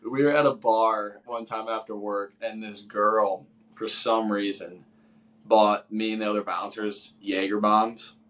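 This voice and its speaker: A young man with a somewhat low voice talks casually as a podcast co-host. He rambles through his stories, quoting himself and others along the way. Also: steady tone, unhurried, fairly bright tone. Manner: rambling storyteller, acts out his own quoted lines. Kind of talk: casual chat.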